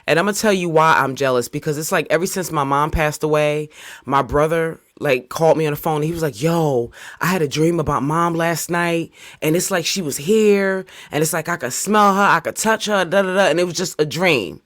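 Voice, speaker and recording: A man's voice: a little fast, fairly bright tone. Stammering man in heartfelt casual commentary. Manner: stammering, heartfelt, rises high when pleading. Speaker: host reacting to a clip.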